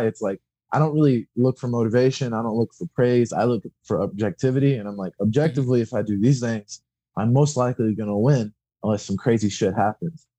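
A man's voice: mid-range voice, mellow, husky, dry recording. A young man, a wrestling coach, talking candidly and bluntly in a casual podcast chat, swearing freely and acting out quotes.

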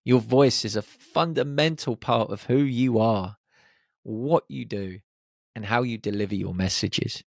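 Speaking a little slowly in a gravelly, medium-pitched voice, this podcast host walks his audience through confidence. His motivational monologue is upbeat and encouraging, peppered with jokes, and the audio is studio quality with no echo.

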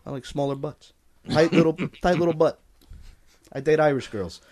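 A man's voice: a little high, moderate pace, a little mellow. A man co-hosting a casual podcast, telling jokey stories. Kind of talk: casual chat.

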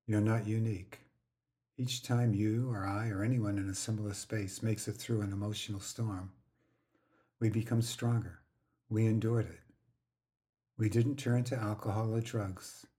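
A man voicing a calm, patient woman friend who speaks softly but firmly. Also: fairly low pitch, moderate pace, lightly acted. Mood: gentle, firm. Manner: soft but firm.

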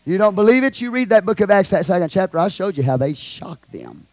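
A man with a Texan accent preaching a sermon to his congregation, swinging from quiet asides to loud shouted lines. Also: high voice, very animated, fairly quick, no room sound. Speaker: pastor. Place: church.

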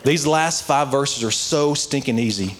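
A man's voice: medium pitch, a little slow. A man preaching a sermon, telling a story conversationally and building to earnest, passionate exhortation. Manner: conversational storytelling with many "like" fillers.

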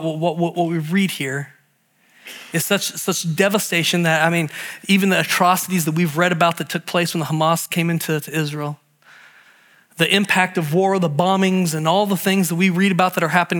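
A male pastor preaching a sermon, telling stories with animated energy and often restarting and repeating words. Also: on the high side.

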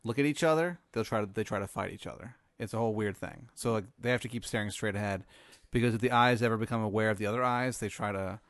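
A man hosting a podcast, improvising an absurd story in a rambling, deadpan way. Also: on the low side, fast talker, dry recording, studio quality. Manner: rambling, deadpan, many fillers and restarts. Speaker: podcast host.

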